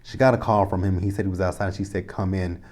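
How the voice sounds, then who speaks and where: A man in his thirties recaps a TV drama episode in a loose, rambling way, full of profanity and exasperated asides. His voice sits low and sounds warm and mellow. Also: fairly even intonation, fast talker. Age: 30s. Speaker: TV episode reviewer. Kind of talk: casual recap and commentary.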